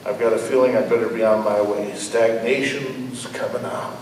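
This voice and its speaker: A man reading his own fiction aloud at a live event, lifting his pitch for the characters' dialogue. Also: steady tone, normal speed, a little hiss or hum. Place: large ballroom. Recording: echoey hall from far off.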